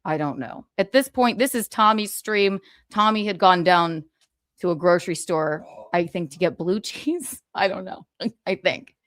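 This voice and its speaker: A woman's voice: on the low side, a little slow, fairly bright tone, no room sound. A woman hosting a livestream, ranting in casual chat, profane, indignant and mocking, laughing often. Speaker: livestream host.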